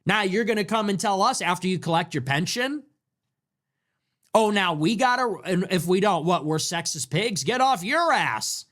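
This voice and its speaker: A man delivers a political commentary monologue full of sarcastic mockery and crude jabs. His voice sits high for a man. It leaps up and down as he rants. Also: lively intonation, moderate pace, a bit bright. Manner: sarcastic and mocking, with crude insults. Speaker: political commentary show host.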